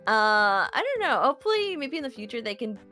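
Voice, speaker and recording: A woman's voice: on the high side, sing-song, a little fast, bright, forceful tone, faint music behind. Rambling woman, voice swinging widely. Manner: rambling, full of 'like' fillers. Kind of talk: casual chat.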